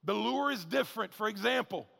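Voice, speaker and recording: Preaching in a large hall whose long reverb follows each phrase, a man serving as pastor uses a bright, high, heavily fried voice. His delivery is expressive and conversational, shifting from near-shouted emphasis to quick, quiet asides.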